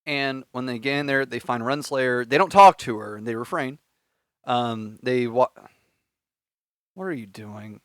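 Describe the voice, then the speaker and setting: A man's voice: medium pitch, moderate pace, fairly bright tone, clear, resonant tone, no room sound, clean studio sound. A man hosting a podcast, casually recapping an episode in a rambling way with filler words and swearing. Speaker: podcast host.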